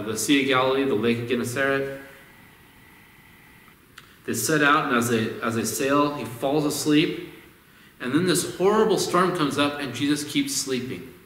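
Male pastor at mid pitch, easygoing sermon delivery, recorded from across a reverberant church. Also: a bit bright. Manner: conversational, repeats words as he restarts phrases. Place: church sanctuary. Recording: echoey hall, distant mic.

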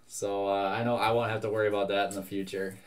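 A man's voice: on the low side, fairly even intonation. Young man calling out trading cards. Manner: brisk, reads out card after card. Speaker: card break host. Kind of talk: live card-break commentary.

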